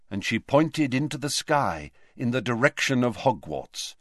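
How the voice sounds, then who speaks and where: A man narrating a fantasy novel in an expressive, dramatic reading. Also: mid-range voice, a little slow, few pauses, dry recording, studio quality. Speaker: audiobook narrator.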